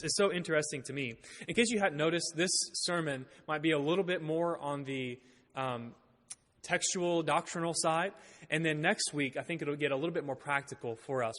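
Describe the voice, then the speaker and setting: A man preaching a sermon in a church, reading scripture aloud and explaining it with light humor. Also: fairly high pitch. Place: church sanctuary. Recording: long reverb in a church hall.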